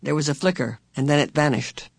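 A man narrating a novel as an audiobook reader, in clear, even storytelling. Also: on the high side, a little fast, no room sound, clean studio sound. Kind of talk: scripted narration.

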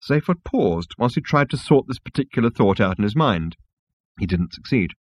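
Man narrating a story, lively and dry. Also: mid-range voice, moderate pace, no echo. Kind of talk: scripted narration.

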